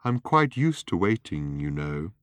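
A man voicing an ancient, rusty, self-pitying male robot who groans slowly with a hollow rattle. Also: deep voice, sing-song, a bit bright, smooth, no echo, heavily acted. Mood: mournful. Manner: slow, groaning, mournful.

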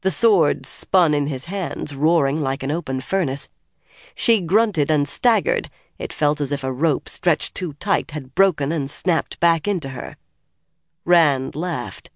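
Audiobook narrator, measured and expressive delivery, mid pitch, dry recording. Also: dry recording. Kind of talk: scripted narration.

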